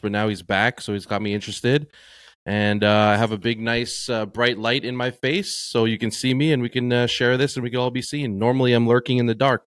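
A man's voice: medium pitch, clean tone, no room sound. Laid-back male co-host, dry sound. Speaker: podcast co-host. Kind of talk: casual chat.

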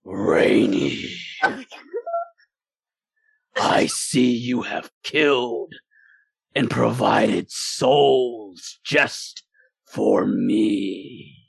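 A man voicing Sezamir, a towering evil male demon spirit, speaking slowly and menacingly. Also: vocal fry, husky, no echo, full character voice. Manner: slow, menacing, booming.

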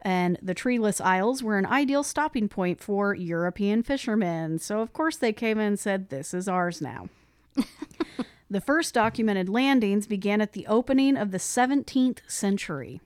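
A woman's voice: mid-range voice, expressive, normal speed, no echo. Woman podcaster, mid-range voice, reads notes then riffs casually, dry close sound. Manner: reads facts then adds offhand asides, laughs often. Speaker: podcast co-host. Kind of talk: casual chat, reading history notes aloud.

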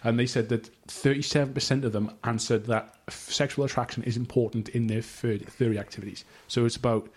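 This is a man hosting a relaxed podcast chat, reading aloud from his notes. He rambles, swears casually and trips over long words. His voice sits at an ordinary middle pitch. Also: fairly quick, husky. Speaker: podcast host.

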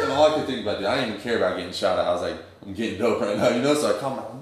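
A man's voice: fairly low pitch, rapid-fire, a little hiss or hum. Slangy young man in an echoey room. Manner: streetwise slang-heavy storytelling, acts out quoted dialogue. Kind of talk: casual storytelling.

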